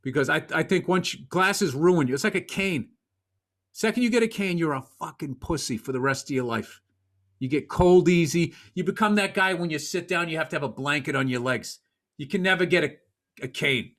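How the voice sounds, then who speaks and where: A man's voice: fairly high pitch, normal speed, fairly bright tone. A man in his fifties co-hosting a podcast in casual chat, blunt, rambling and joking, with plenty of swearing. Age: 50s. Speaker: podcast co-host.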